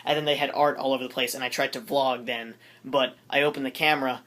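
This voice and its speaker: A man's voice: mid-range voice, level tone, fast talker, background noise. A teenage boy rambling in a goofy, jokey way for his vlog, interrupting himself often. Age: teens. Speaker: vlogger. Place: his room.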